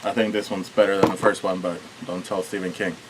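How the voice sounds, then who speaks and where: A man's voice: deep voice, level tone, a little fast, very noisy. A man from Puerto Rico, an author, talking casually behind the scenes with many restarts and fillers.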